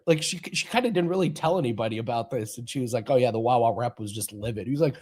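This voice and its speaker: Male betting show co-host, casual, rambles through anecdotes, mid-pitched, easygoing. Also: fast, hardly any pauses, darkish tone. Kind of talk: casual chat and betting analysis.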